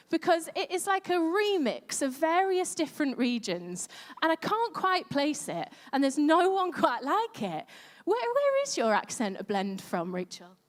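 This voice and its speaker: A woman preaching a sermon in a lively, conversational way. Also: high-pitched, normal speed, few pauses. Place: church hall. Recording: echoey church hall.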